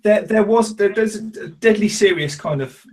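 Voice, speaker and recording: A man's voice: high voice, normal speed, a little mellow. A man hosting a podcast, chatting casually with many restarts and acted-out quotes. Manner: hesitant, restarts, acts out quoted customers. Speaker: podcast host.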